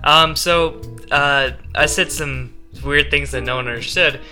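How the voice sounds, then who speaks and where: Bright-voiced eager male player. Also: fairly high pitch, measured pace, soft background music. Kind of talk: casual chat at the gaming table.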